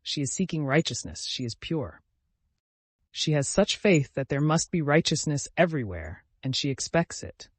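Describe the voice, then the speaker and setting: A man's voice: a little high, expressive, moderate pace, slightly rough, dry recording. A man voicing a timid, devout young woman who speaks in an earnest, pleading, distressed way.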